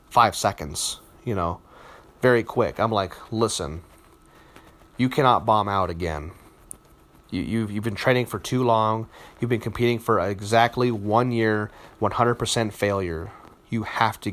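A man in his thirties, a competitive powerlifter, telling his story in a relaxed, candid way with many fillers and repeated words. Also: mid-range voice. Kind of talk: casual spoken account.

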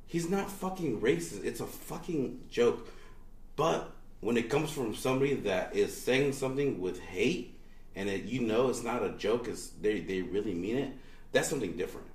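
A man's voice: medium pitch, lively intonation, normal speed, a little mellow, recorded from a distance. A man talking bluntly and profanely as a guest in a casual podcast chat. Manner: blunt, profane, plain-spoken. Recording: echoey room, away from the mic.

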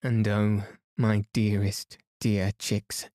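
A man's voice: fairly low pitch, flat delivery, drawn-out words, warm tone, no room sound, studio quality. A man voicing a tired, affectionate mother in a storybook.

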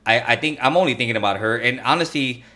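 A man co-hosting a podcast, explaining his view in a relaxed, casual way. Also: mid-range voice, fast talker. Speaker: podcast co-host. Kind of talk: casual chat.

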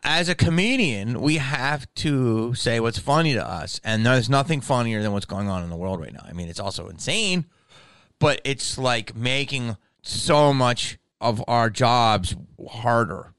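A male comedian rants straight to camera in a comedic monologue, profane and animated. His voice is smooth and clear, and the recording is dry and close. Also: mid-range voice, unhurried, dry recording.

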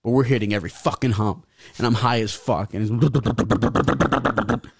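A young man tells a long, rambling story in casual chat, cursing and laughing along the way. His voice sits on the low side and sounds close and dry. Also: quick pace, no echo. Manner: profane, rambling, laughs as he talks. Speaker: guest rapper.

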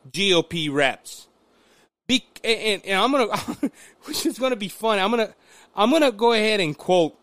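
A man from Louisiana with a Southern accent, hosting casual political commentary in an animated, rambling way with frequent restarts. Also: sits high, dry recording.

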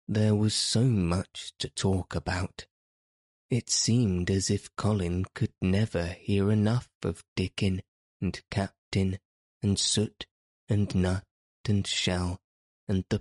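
A man reads a classic novel aloud with measured, gentle narration. His voice is deep and his pace unhurried, recorded close and dry. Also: no echo. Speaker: audiobook narrator. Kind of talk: scripted narration.

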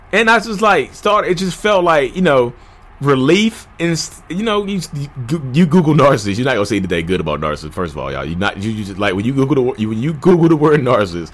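A man's voice: very animated, fast talker. A man in his thirties hosting a podcast, telling his own story in a candid, conversational way and calling his listeners "y'all". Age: 30s. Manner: jumps to shouting pitch when reenacting arguments. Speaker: podcast host. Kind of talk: personal storytelling monologue.

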